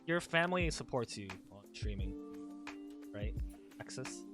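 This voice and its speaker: A streamer chatting on a podcast, animated and giggly, with big jumps in excitement. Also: mid-range voice, normal speed, over music. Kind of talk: casual chat.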